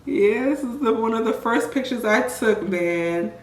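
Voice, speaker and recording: A young woman vlogger telling her own story in a casual, animated way, often acting out other people's voices. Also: fairly high pitch, a little slow. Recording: echoey room with faint ambient noise.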